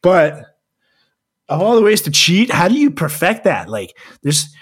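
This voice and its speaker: Animated, joking male podcast co-host. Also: high voice, measured pace, slightly rough. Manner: joking, laughs often, animated storytelling. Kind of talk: casual comedic podcast chat.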